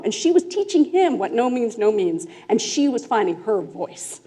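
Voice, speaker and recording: Animated woman telling a conference story. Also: a little high, normal speed, hardly any pauses. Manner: animated, laughs often, keeps asking "right?". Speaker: conference speaker, restorative justice facilitator. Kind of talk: storytelling talk to a conference audience. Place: conference room.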